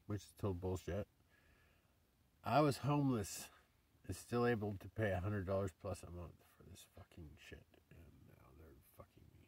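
A man's voice: fairly low pitch, no echo. A man venting in a rambling casual vlog about his car insurance, swearing and laughing at himself, recorded in his car a little away from the mic. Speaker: vlogger.

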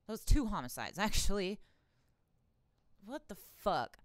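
A woman's voice: medium pitch, very animated, unhurried, pauses often, no room sound. A woman hosting her own political commentary channel, ranting in an irritated, sarcastic way with plenty of profanity and exasperated laughs.

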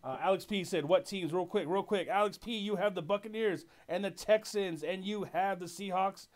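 A man's voice: high-pitched, moderate pace. A young man co-hosting a casual live card break, bantering and reading out viewer comments. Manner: playful banter, echoes the host and reads viewer comments. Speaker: co-host reading chat.

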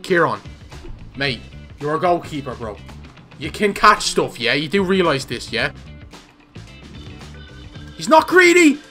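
Young man, high lively voice, bright tone, gameplay commentary, faint music behind. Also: moderate pace, pauses often. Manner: excitable, shouts and laughs at goals. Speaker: gaming YouTuber.

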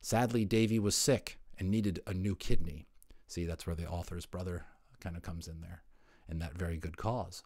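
A man's voice: low-pitched, steady tone, normal speed, darkish tone, dry recording, clean studio sound. A man narrating a children's picture book aloud, adding chatty asides. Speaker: voice actor narrator.

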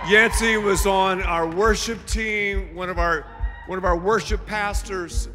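A man hosting a church conference on stage, introducing a guest with loud, teasing enthusiasm. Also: high voice, steady tone, unhurried. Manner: enthusiastic, teasing, shouting to the crowd. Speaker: pastor and conference host. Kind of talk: stage introduction and onstage interview. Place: large conference hall. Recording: live in a large hall with music.

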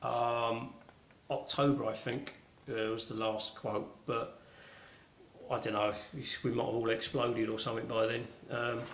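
Speaking in a mid-range voice with a flat delivery and a measured pace, this Cockney man presents an online gallery show. The audio is reverberant with slight background noise. It's casual live-stream chat, and he rambles irreverently, dropping plenty of ums and some mild swearing.

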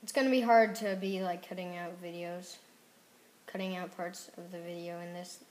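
A woman giving casual gameplay commentary as a YouTuber, mostly murmuring softly, then blurting out excited reactions. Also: on the low side, normal speed. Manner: soft mumbling with sudden excited outbursts. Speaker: gaming YouTuber.

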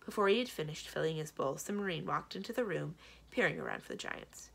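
A woman's voice: deep voice, quick pace, gravelly, husky. A woman reading a children's novel aloud for a library, telling it expressively. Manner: expressive storytelling. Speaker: library reader. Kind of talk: children's book read-aloud.

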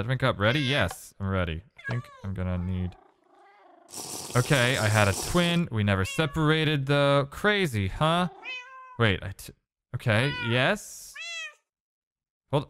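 A man's voice: medium pitch, a little hiss or hum. A man giving casual gameplay commentary, talking to himself and exclaiming as he plays. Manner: animated, exclaiming, talks to himself. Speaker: let's play gamer.

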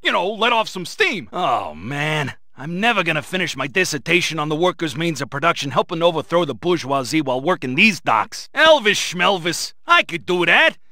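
An actor voicing a brash dock worker in a video game, who grumbles in a rough working-class way. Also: male voice, a little high, very animated, normal speed, hardly any pauses, sharp tone, no room sound, studio quality, full character voice. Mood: grumbling. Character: brash male dock worker, would-be communist intellectual.

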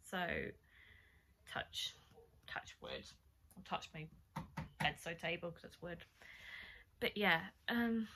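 A woman's voice: mid-range voice, bright, forceful tone, a little hiss or hum. A young woman, casually telling a story-time vlog, chatty and rambling with lots of fillers. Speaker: vlogger.

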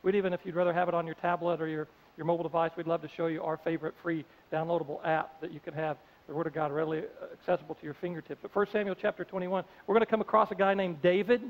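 A man's voice: a little high, fairly even intonation, racing, few pauses. A man preaching a sermon as pastor, telling a story in a conversational way and acting out its characters. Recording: dull audio with long hall reverb.

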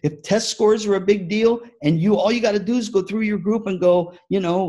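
A man's voice: high-pitched, fairly quick, hardly any pauses. A man giving a conference keynote talk to music educators, telling stories animatedly and acting out the people in them. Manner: animated storytelling with acted-out quotes. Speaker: keynote speaker.

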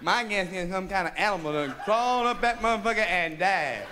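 A man's voice: high-pitched, animated, a little fast. A man doing crude, profane stand-up comedy on a nightclub stage, telling a story in a rowdy way, on a noisy vinyl recording of the live show.

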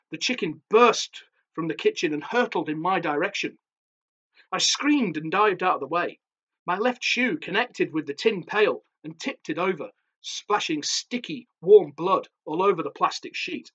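Brief: male author narrating his horror story, breathy voice, lo-fi home recording. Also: high-pitched, expressive, pushed and bright. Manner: measured, darkly theatrical storytelling. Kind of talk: dramatic horror story reading.

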